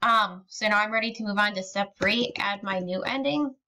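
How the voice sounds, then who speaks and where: A woman's voice: medium pitch, normal speed, sharp tone, a little hiss or hum. A woman teaching a recorded lesson, explaining patiently step by step with frequent ums. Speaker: Spanish teacher.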